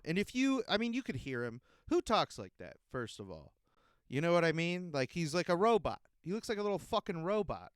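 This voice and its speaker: A man's voice: a little high, very animated, a little fast, clean tone, dry recording, clean studio sound. A man hosting a podcast, ranting in a profane, heated and exasperated way. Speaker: podcast host. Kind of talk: casual ranting monologue.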